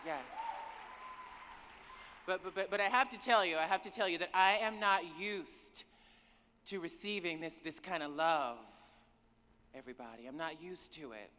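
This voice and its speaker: A woman's voice: lowish voice, normal speed, long pauses. A woman giving an emotional keynote speech to a cheering audience, effusive and repeating words when she is moved. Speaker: keynote speaker. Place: large conference hall with live audience. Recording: echoey hall from far off, loud crowd.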